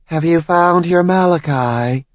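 A cruel, mocking goddess who taunts her captive and barks orders in a demonic tone, as a male audiobook narrator puts her on. Her lines come slow and drawn out over a dull, dry recording. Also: fairly high pitch, no room sound, pitched above the performer's own voice, natural voice. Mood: scheming. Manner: mocking, menacing, shouts orders.

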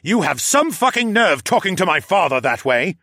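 A man voicing a spoiled, hotheaded young male lord who yells his lines. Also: high-pitched, very animated, moderate pace, dry recording, studio quality, pitched above the performer's own voice, exaggerated voice. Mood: yelling. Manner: yelling, bratty.

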